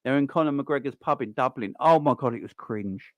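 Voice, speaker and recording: A man's voice: medium pitch, a little fast, dry recording. Chatty man on a dry close mic. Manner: chatty, blunt, repeats himself, frequent fillers. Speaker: livestream host reacting to a football match. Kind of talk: casual live chat reading viewer comments.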